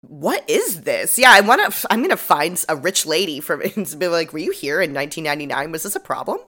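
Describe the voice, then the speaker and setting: Woman podcast co-host, lower voice, animated swings in pitch, chatty and profane recap. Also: fast. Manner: chatty, profane, mimics characters' lines. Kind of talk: casual rewatch podcast recap.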